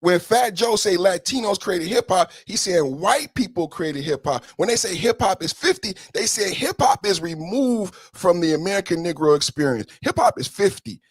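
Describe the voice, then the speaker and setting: A man's voice: high-pitched, expressive, moderate pace, hardly any pauses, husky, dry recording, studio quality. A man hosting a solo podcast, ranting in a heated, emphatic way with frequent profanity. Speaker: podcast host.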